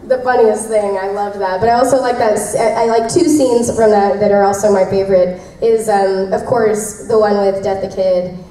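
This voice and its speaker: A woman's voice: mid-range voice, fairly even intonation, moderate pace, few pauses, warm tone. Bubbly woman answering fans in echoey hall. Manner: bubbly, laughing, rambling with many fillers. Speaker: voice actress at a fan convention panel. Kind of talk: convention Q&A answers. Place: convention panel room. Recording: echoey convention room, distant, faint noise.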